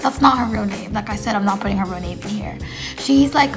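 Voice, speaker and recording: Gravelly-voiced woman telling a storytime. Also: on the high side, quick pace, music in the background. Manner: rambling, filler-heavy, acts out quoted dialogue. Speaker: storytime vlogger. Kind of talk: casual storytime chat.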